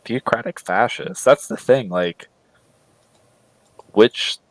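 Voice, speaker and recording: A man's voice: lowish voice, a little slow, no echo, rough recording. A man co-hosting a casual political livestream chat, rambling with frequent restarts and mocking impressions. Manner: rambling, many restarts and mocking quoted voices. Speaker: podcast co-host.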